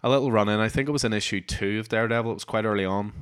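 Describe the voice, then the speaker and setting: A man hosts a casual comics chat and eagerly walks through the story beats. His voice is low and smooth, and it is recorded dry and close. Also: racing, no room sound. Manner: enthusiastic, summarizes scenes in detail. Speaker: podcast host.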